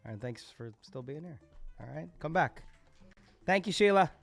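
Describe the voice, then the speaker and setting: Animated man hosting a poetry open mic. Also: on the high side, moderate pace, creaky, no room sound, faint music behind. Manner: animated, laughing, quoting performers with shouted bursts. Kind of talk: recapping poets' lines at a live open mic. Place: poetry cafe venue, live.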